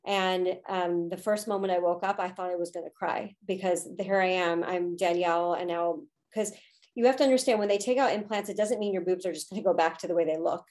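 A woman's voice: on the low side, fairly quick, darkish tone. A woman in her thirties, a podcast guest, telling a personal story in a candid, emotional way with frequent fillers. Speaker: podcast guest, spiritual teacher.

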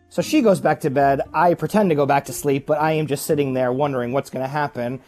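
A man telling a casual spoken anecdote, acting out voices and sounds in a lively way. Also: on the high side, fast, few pauses, soft background music. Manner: animated, acts out voices and sounds. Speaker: guest storyteller.

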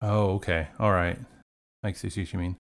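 A man's voice: sits low, fairly even intonation, normal speed. A man player at a tabletop game, talking casually and hesitantly as he thinks aloud about his moves.

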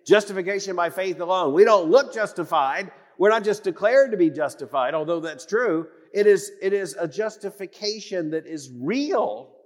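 A man's voice: sits high, animated, normal speed, hardly any pauses. Man preaching a sermon in a church. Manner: emphatic, repeats phrases for weight, swings from loud to hushed. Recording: long reverb of a church hall.

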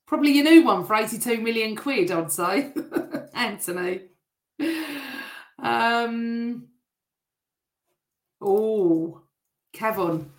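A woman's voice: a little high, slow pace, long pauses, roomy sound. Chatty woman hosting a live stream. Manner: chatty, greets viewers by name. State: voice still rough. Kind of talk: live stream chat reading comments.

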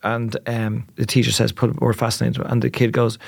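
A middle-aged Irish man, a comedian chatting as a guest, telling stories quickly with lively voiced asides. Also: medium pitch, gravelly. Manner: animated, rapid storytelling with voiced asides. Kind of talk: casual chat.

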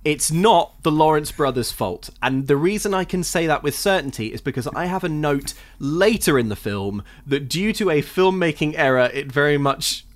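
A man's voice: moderate pace, few pauses. A man co-hosting a comedy podcast, chatting animatedly about a film and laughing often. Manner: animated, laughs often, jumps into high-pitched mock voices. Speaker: podcast co-host. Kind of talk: comedic film review chat.

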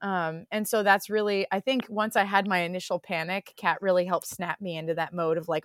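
A woman's voice: fairly low pitch, fairly even intonation, brisk, few pauses, dry recording, clean studio sound. A woman guest telling a mountain story in an interview, reflective and earnest, with frequent fillers.

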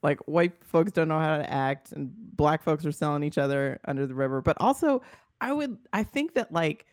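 A woman co-hosting a podcast in casual chat, animated and wry, often trailing off and restarting. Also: low voice, moderate pace, no room sound, clean studio sound. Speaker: podcast co-host.

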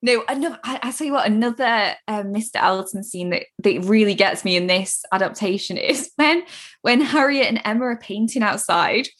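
A woman's voice: medium pitch, expressive, normal speed, fairly bright tone. A young woman, a guest on a podcast, chatting casually and giving frank opinions with easy laughter. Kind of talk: casual chat.

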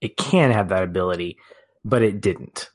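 A man co-hosting a podcast, talking through a film in casual discussion, animated at times and laughing as he reflects. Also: deep voice, moderate pace, dry recording. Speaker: podcast co-host.

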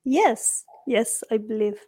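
Slow-talking woman host, higher voice. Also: animated, dark tone, husky. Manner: slow, halting questions. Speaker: interview host. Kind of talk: interview hosting.

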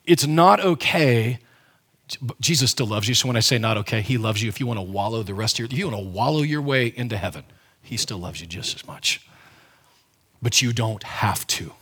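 A man delivers a sermon in a relaxed, conversational way, leaning hard on key words and often restarting mid-sentence. His voice sits at an ordinary middle pitch with a slightly husky, breathy edge. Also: fairly quick. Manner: conversational, emphatic preaching with frequent restarts. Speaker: pastor.

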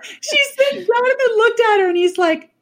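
A middle-aged woman, a podcast guest, telling family stories in casual chat over a remote call, animated and laughing often. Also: very high voice, moderate pace. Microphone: remote call mic.

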